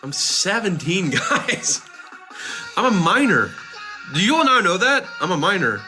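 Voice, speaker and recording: His voice is high-pitched and sharp, swinging hugely in pitch while he talks a little slowly. On a casual livestream with music clearly behind him, he reads chat aloud and answers in a jokey, sarcastic, profane way.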